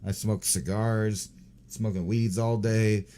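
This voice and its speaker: A man's voice: fairly low pitch, fairly even intonation, slow, warm tone, slight background noise. A man in his forties hosting a show, giving crude, sarcastic, rambling commentary on news clips and swearing often. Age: 40s. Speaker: host.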